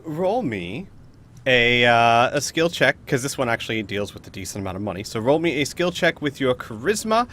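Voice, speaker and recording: A man's voice: mid-range voice, very animated, moderate pace, fairly bright tone, a little hiss or hum. A man narrating as game master of a tabletop game, talking casually with frequent hesitations. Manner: casual, hesitant with many fillers.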